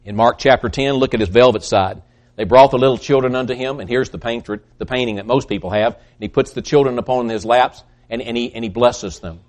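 A man preaching a sermon, swinging between loud emphatic peaks and hushed, soft passages, often repeating words as he builds. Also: medium pitch, a little fast. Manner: repeats words when excited.

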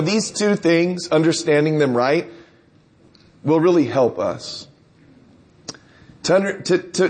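Husky-voiced man preaching conversationally. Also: a little high, a little mellow. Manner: conversational, storytelling, rhetorical questions. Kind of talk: sermon.

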